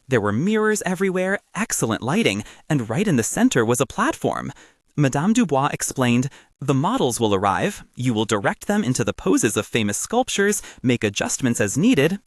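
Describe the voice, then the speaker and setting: A male storyteller tells a first-person story with animated, dramatic emphasis. His pitch swings widely. The recording is dry and close. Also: no room sound.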